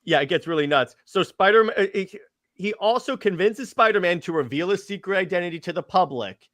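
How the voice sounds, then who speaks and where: A man co-hosting a podcast, excitedly retelling comic storylines with lots of stammers and restarts, acting out the characters' quotes. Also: high voice, a little fast, dry recording, studio quality. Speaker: podcast co-host. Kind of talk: casual comics chat.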